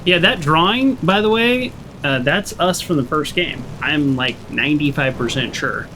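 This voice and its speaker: A man's voice: a little high, lively intonation, moderate pace, bright, forceful tone, a little hiss or hum, rough recording. A man playing through a video game and commenting as he goes, musing aloud in a sarcastic, grumbling way. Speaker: gaming channel host. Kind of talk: let's play commentary.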